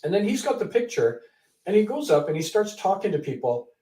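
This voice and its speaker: A man with a slightly high yet mellow voice tells an animated story in an interview, jumping into the voices of the people he met. He sits some way from the mic, and the room echoes around him. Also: fairly quick, far from the mic. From Canada. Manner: animated storyteller who acts out quoted people. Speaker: author and guest.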